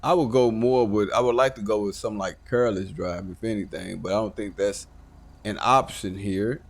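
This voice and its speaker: A man casually commenting on a live game stream, talking to himself with swearing and sudden loud outbursts. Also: lowish voice, fairly even intonation, brisk, vocal fry.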